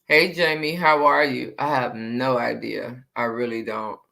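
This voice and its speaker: A woman's voice: extremely low pitch, steady tone, unhurried, vocal fry, bright, forceful tone. A woman hosting a casual live stream, chatting with viewers and greeting them by name with repeated hellos.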